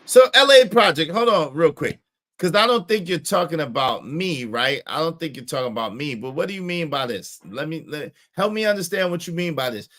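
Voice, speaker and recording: A man with a bright, slightly high voice runs a casual live stream. He talks to his viewers in a loose, chatty way, thanks them one by one and says the same phrases several times over. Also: lively intonation, brisk. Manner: chatty, repeats phrases, gives shout-outs. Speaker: stream host reacting to clips.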